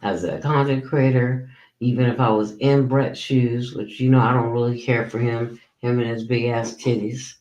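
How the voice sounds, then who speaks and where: A tired man rants on his own commentary channel, swearing and sounding disbelieving. His voice sits at a middle pitch and carries an echo from the room around him. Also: normal speed. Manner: animated, profane, incredulous ranting. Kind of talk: casual ranting commentary.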